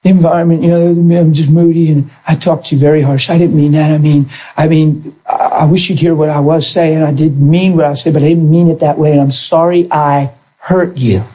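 Husky, animated man preaching a sermon. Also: fairly quick, hardly any pauses, low-quality recording. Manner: animated preacher, swings between soft asides and high, straining peaks. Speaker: pastor.

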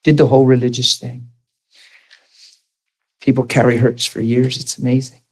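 A man preaching a sermon, asking the congregation rapid questions and dropping to soft, low storytelling. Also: slightly rough. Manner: animated, rising to high emphatic questions to the crowd.

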